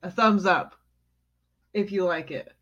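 A woman's voice: lowish voice, unhurried, fairly bright tone. A woman co-hosting a podcast, dryly teasing her co-host in casual banter. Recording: dull lo-fi home recording.

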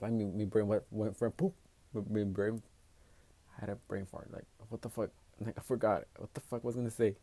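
A man's voice: lowish voice, moderate pace, warm tone. Blunt, foul-mouthed man. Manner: blunt, profane, switching between English and Spanish. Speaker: podcast host. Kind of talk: casual solo podcast monologue.

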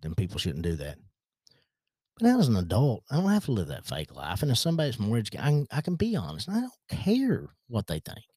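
A man's voice: medium pitch, darkish tone, breathy edge, dry recording, studio quality. A man with a rural American country accent, hosting a podcast monologue in a frank, rambling way with many restarts. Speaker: podcast host.

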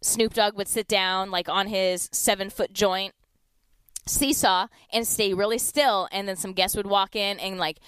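A woman hosting a live radio shopping show, pitching deals in a chatty, upbeat way and reading out the phone number slowly. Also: fairly even intonation, a bit bright, clean tone, dry recording. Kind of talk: live radio deal segment with callers.

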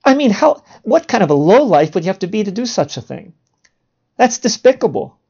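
A man talks through his podcast episode with a gravelly, slightly raised voice and a mellow, dark tone. He plays up mock outrage with heavy sarcasm and chuckles at his own jokes. The recording sounds dull and lo-fi. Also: sits high, sing-song, a little fast. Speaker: podcast host. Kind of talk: provocative monologue.

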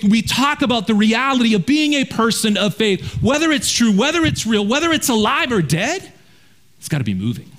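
High-voiced man preaching a sermon. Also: fairly bright tone. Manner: direct, conversational preaching with frequent "right?" check-ins. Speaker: pastor. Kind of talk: verse-by-verse sermon.

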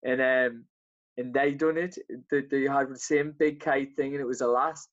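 A man's voice: medium pitch, fairly even intonation, moderate pace, highs cut off. A man in casual chat, chatty and rambling with restarts.

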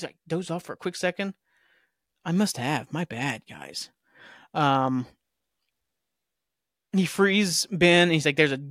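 Podcast host, man, somewhat high voice, loose rambling recap style, close dry sound. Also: fairly bright tone, dry recording. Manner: rambling, filler-heavy, swears casually. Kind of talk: casual episode recap.

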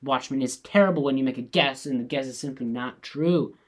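A blustering, wrathful king barks orders in a raised, commanding voice, read by a man. The tone is hard and accusing, pitched in a middle register. It sounds like a stage play read aloud. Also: brisk, close to an everyday voice. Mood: scornful. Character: blustering angry male king.

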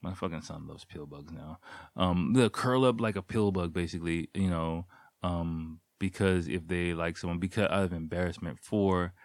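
A man's voice: deep voice, moderate pace, no room sound, clean studio sound. A man in his thirties casually telling a rambling, profane personal story, full of fillers and restarts. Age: 30s. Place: living in Japan.

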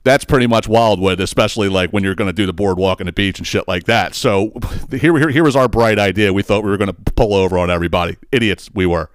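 A man's voice: fairly low pitch, fast talker, hardly any pauses, clear, resonant tone. A man, hosting a podcast and telling a rambling, profane story in casual chat. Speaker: podcast host.

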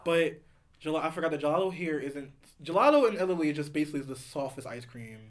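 A man's voice: on the high side, lively intonation, fast talker. A young man telling rambling stories in casual chat with friends, full of restarts.

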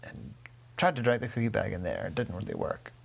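A father spins a bedtime story in a low, gravelly voice with a husky edge. He wanders and corrects himself as he goes, keeping the tone soft and unhurried. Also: wildly swooping pitch. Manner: rambling, self-correcting, gentle. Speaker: father telling his daughter a bedtime story.

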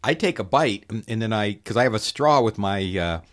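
A man's voice: lowish voice, expressive, a little fast, fairly bright tone. Man, podcast co-host; rambling, jokey, keeps correcting himself. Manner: rambling, joking, self-correcting. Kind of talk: casual chat.

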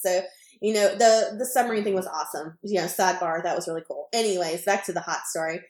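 A woman's voice: fairly low pitch, quick pace, reverberant. A woman podcast co-host telling a casual anecdote, rambling with lots of fillers as she acts out what people said. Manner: rambling, filler-heavy, animated retelling.

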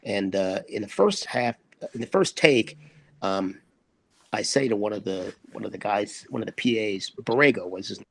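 A man, an actor guest, telling a set story in conversation as an animated storyteller who acts out the quotes. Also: lowish voice, moderate pace, gravelly.

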